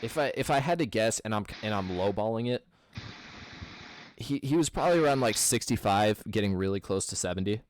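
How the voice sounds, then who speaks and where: Young midwest guy, low-ish voice, loose sweary storytelling, lots of "like". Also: animated, fairly quick. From American Midwest. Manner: rambling storyteller, swears a lot, many fillers. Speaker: podcast co-host telling a work story. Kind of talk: casual chat.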